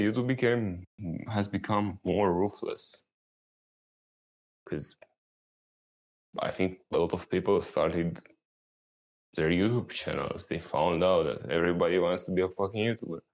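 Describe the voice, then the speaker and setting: A young man rambling casually as a vlogger, laid-back and meandering, swearing now and then. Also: deep voice. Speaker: YouTuber. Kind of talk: rambling casual vlog talk.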